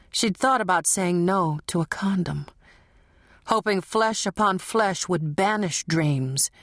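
A woman reads fiction aloud with measured, dramatic delivery. Her voice sits low and moves slowly. The recording is close and dry. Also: dry recording. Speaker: audiobook narrator. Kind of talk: scripted narration.

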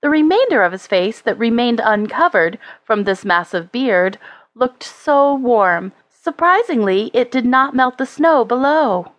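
A woman narrating a children's storybook in a slow, measured way. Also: on the high side, no room sound. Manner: slow, expressive, measured reading. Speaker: audiobook narrator.

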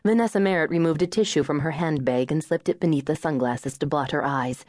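A woman reads an audiobook in a low, mellow voice with measured, even pacing. She sits close to the mic. The studio sound is dry and free of room echo. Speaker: audiobook narrator. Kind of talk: scripted narration.

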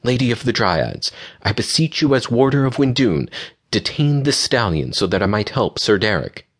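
A man voicing a young female unicorn filly with a gentle voice that turns sharp and imperious, in an audiobook. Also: low voice, normal speed. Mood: indignant.

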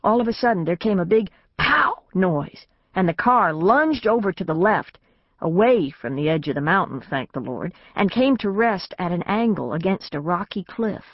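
An audiobook narrator reads a first-person novel in a plain storytelling style, raising her voice for the family's lines. Her voice is lowish and expressive at a moderate pace, in a dry, slightly dull studio recording.

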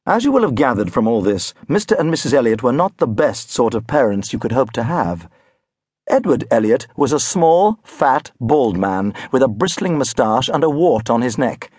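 A man narrating an audiobook in a wry, expressive storytelling manner. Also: mid-range voice, moderate pace, breathy edge, no echo, clean studio sound. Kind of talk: scripted narration.

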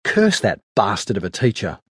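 A man's voice: on the low side, moderate pace, husky, dry recording. Man narrating an audiobook, dry sound. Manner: steady, even storytelling. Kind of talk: scripted narration.

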